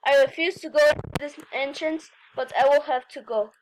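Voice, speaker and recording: Woman, high voice, gameplay commentary, excitable, keeps addressing viewers, faint background hiss. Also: fairly quick. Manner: talks straight to viewers, frequent "okay, guys"; easily alarmed, breaks into squeals and repeated cries. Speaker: gaming video host.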